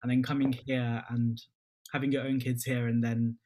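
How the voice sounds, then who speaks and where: A man's voice: mid-range voice, flat delivery, moderate pace, dark tone. Man asking long, winding questions. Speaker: interviewer.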